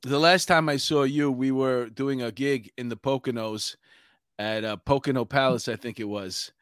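A man's voice: mid-range voice, steady tone, moderate pace, a bit bright, clean tone, no echo, clean studio sound. A middle-aged man with a New York accent, hosting a casual chat show and rambling with many fillers. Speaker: podcast host.

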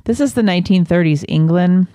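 A woman co-hosting a casual movie review chat, relaxed and conversational with frequent fillers. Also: on the low side, fairly quick, no echo, studio quality.

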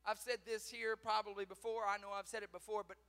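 A man preaching a sermon, swinging from hushed lines to shouted climaxes in dramatic preaching style. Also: sits high, little pitch movement, quick pace, big-room sound.

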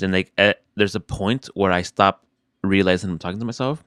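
A man's voice: low-pitched, fairly quick, fairly bright tone, clear, resonant tone, no room sound, studio quality. A young adult man in casual chat, talking frankly and profanely about feelings, often restarting his sentences.

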